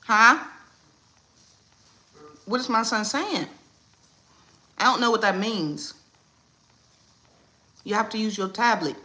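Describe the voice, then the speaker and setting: A woman hosting a casual livestream from home. She talks in a playful, animated way, turning to her kids and greeting viewers by name. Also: fairly high pitch, slow, pauses often. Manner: animated, playful, talks to her kids and reads chat names mid-stream. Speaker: livestream host.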